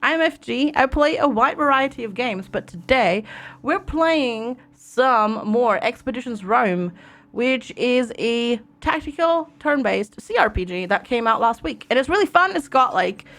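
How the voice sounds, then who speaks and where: A woman's voice: on the high side, lively intonation, a little slow, a bit bright. A woman from Germany streaming a game live, chatting casually and greeting viewers by name into a desk microphone.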